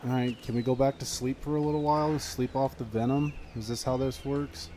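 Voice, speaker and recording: A man with a mid-range voice talks briskly over slight background noise while streaming a video game, its sounds audible behind him. Excitable and full of exclamations and filler words, he talks to the game's characters and yelps in panic when things go wrong during this live commentary.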